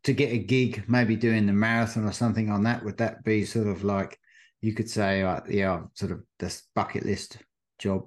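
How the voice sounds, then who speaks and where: A man's voice: lowish voice, level tone, normal speed. A man, a co-host asking loose, rambling questions in a casual interview. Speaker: podcast co-host.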